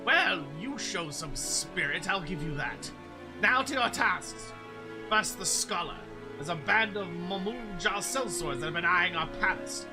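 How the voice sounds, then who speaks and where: A man voicing a gruff veteran drill sergeant who barks scornful orders at recruits, reading game dialogue aloud. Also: high-pitched, animated, measured pace, music in the background. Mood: barking. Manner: barking, scornful.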